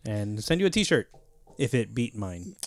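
A man's voice: fairly low pitch, sing-song, a little slow, no echo. A man co-hosting a casual podcast, trading jokes and punching up the punchlines in easy banter. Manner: delivers joke punchlines with a lift, easygoing banter. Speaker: podcast co-host. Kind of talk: casual chat.

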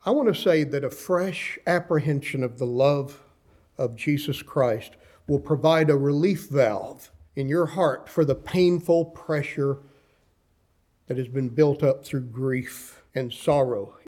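A man in his sixties, a pastor preaching a sermon with slow, impassioned delivery and dramatic pauses, reading scripture in old-fashioned wording. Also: mid-range voice, a little mellow.

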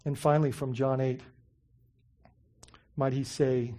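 This pastor's sermon is animated yet conversational, full of questions for the audience and frequent "you know" and "right?". His voice sits mid-range, unhurried, with many pauses.

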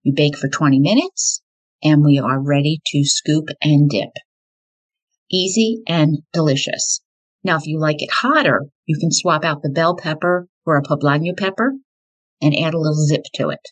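Female podcast host, deep and slightly husky, steady true crime storyteller. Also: normal speed, low-quality recording.

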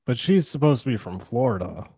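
A man's voice: medium pitch, lively intonation, brisk, gravelly, warm tone, slightly rough, no room sound, clean studio sound. A man co-hosting a podcast, talking casually about films in rambling sentences full of "like", with frequent laughs. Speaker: podcast co-host. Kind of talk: casual movie chat.

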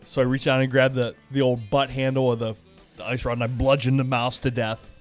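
A man's voice: medium pitch, level tone, brisk, faint music behind. A man hosting a podcast, telling stories in casual chat, laid-back and freely swearing. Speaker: podcast host.

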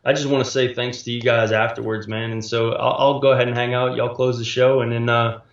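A man joining a podcast as a guest, talking in a relaxed, friendly way. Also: mid-range voice, brisk, echoey room, recorded from a distance, highs cut off. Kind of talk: casual remote chat.

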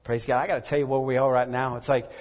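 A man's voice: medium pitch, little pitch movement, darkish tone. Earnest man preaching in a hall. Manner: halting, repeats words, earnest. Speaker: pastor. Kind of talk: sermon with personal story. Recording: echoey hall reverb.

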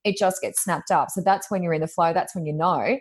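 A psychic medium with a lowish voice chats a little fast in a casual interview, telling stories. She fills her talk with "you know" and acts out what people said.

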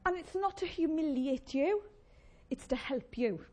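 A woman preaching a sermon, animated and conversational, with playful asides to the congregation. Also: sits high, measured pace, slight background noise.

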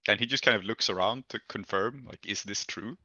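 Bright-voiced game master, low pitch. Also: male voice, no echo, lo-fi sound. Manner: laughs often, voices characters in slow quoted lines. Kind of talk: narrating a tabletop game.

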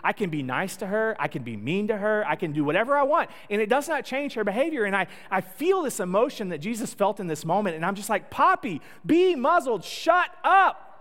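A man's voice: high-pitched, expressive, fast, hardly any pauses. A man preaching a sermon in a conversational, joking storytelling way. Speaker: pastor. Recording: long echo of a large hall.

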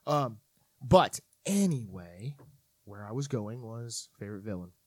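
A man's voice: on the low side, a little slow, no echo. A man hosting a podcast, chatting casually with friends and rambling through lots of fillers. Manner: animated, rambling with many fillers. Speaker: podcast host.

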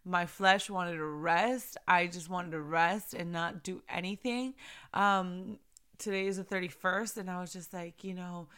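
A woman's voice: lowish voice, steady tone, a little slow, a bit bright, clean tone. A young woman hosting a casual faith podcast, chatty and earnest, repeating phrases and laughing often. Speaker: podcast host.

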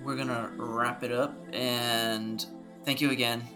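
A man's voice: medium pitch, little pitch movement, unhurried, over music. A man hosting a podcast, chatting casually with his sisters and explaining things at length. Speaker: podcast host. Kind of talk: casual chat.

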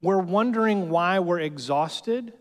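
Taking it slowly, a male pastor with a high voice delivers a sermon in a casual, joking manner. He frequently checks in with the congregation with "right?" A long hall reverb is audible.

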